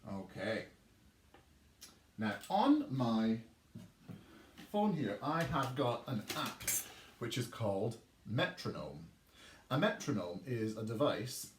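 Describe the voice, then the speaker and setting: A man's voice: mid-range voice, fairly bright tone. A man teaching a recorded online music lesson for children, chanting rhythm words and encouraging the pupils. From England. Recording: echoey room, faint noise.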